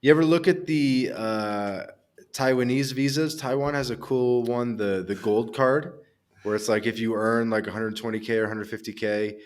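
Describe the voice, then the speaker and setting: A man hosting a podcast interview, asking relaxed questions and giving short backchannel replies. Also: medium pitch, moderate pace. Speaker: podcast host.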